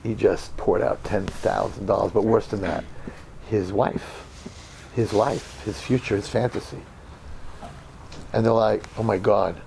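A man in his sixties from New York telling a story in a sermon, with dramatic swings from hushed murmurs to loud outbursts. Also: on the low side, fairly even intonation, a little slow, vocal fry, pauses often, background noise. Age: 60s. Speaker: religious teacher.

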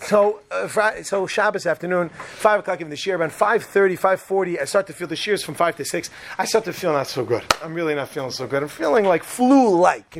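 High-voiced man telling a lively story. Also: slight background noise. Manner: animated, chatty, restarts sentences, mixes in Hebrew terms. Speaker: speaker giving Torah talks. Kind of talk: humorous personal storytelling talk.

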